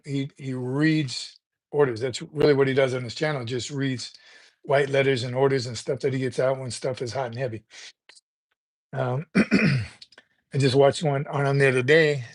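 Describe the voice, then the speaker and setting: An older man hosts a relaxed livestream, talking straight to his viewers in an easygoing, unscripted way. He rambles, circles back and repeats words while he thinks, and his voice sits at an ordinary middle pitch. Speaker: livestream host. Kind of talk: casual livestream chat.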